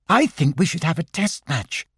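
A man's voice: on the high side, big pitch swings, normal speed, fairly bright tone, husky, dry recording, studio quality, pitched above the performer's own voice, exaggerated voice. Man voicing a decisive mother kangaroo; raised, firm, storybook tone.

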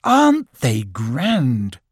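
A man's voice: medium pitch, wildly swooping pitch, extremely slow, breathy edge, dry recording, studio quality, full character voice. A man voicing a kind, practical young boy who speaks earnestly and encouragingly.

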